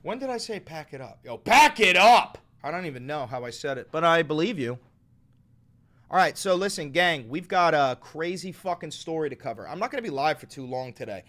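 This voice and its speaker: A man hosting a casual livestream, joking with chat, swearing freely, swinging between loud and quiet talk at a home microphone. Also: on the high side, animated, fairly quick. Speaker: livestream host. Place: home room. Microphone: studio microphone.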